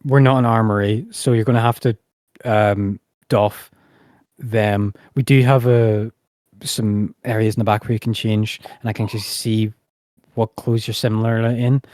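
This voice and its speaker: A man's voice: on the low side, level tone, measured pace, darkish tone, no echo, studio quality. A man narrating a tabletop game as game master, hesitant and full of ums and restarts.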